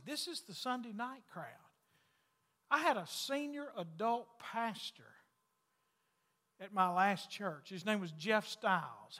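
A pastor preaching in a long, ringing hall. His voice sits high for a man, bright and forceful. He moves from loud calls to hushed, intimate lines in a folksy way. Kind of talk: sermon.

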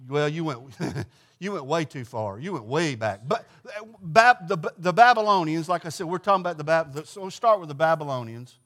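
Guy running a bible study, kinda high voice, bouncy animated delivery, asks the class stuff and answers it himself. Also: a little fast. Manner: folksy, poses questions to the class and answers them. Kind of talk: informal Bible class teaching.

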